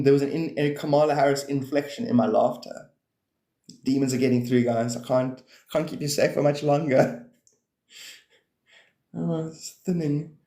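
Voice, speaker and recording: A man's voice: fairly high pitch, dark tone, roomy sound. A man rambling through casual livestream chat about spirituality, swearing freely and laughing often.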